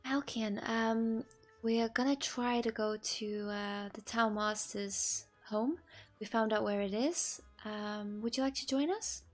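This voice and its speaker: A woman playing a tabletop game, unhurried and giggly. Her voice sits fairly high and she speaks slowly, with soft music behind. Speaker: player. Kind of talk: casual tabletop play.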